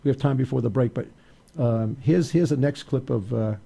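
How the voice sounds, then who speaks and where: A man's voice: mid-range voice, normal speed, gravelly, warm tone, breathy edge. A male talk radio host giving opinionated commentary in a wry, exasperated way, often repeating words as he goes.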